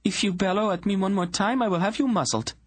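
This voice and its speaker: A man's voice: high-pitched, lively intonation, normal speed, husky, voice pushed up. A man voicing a stern young queen who gives cold, clipped royal commands. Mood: icy command.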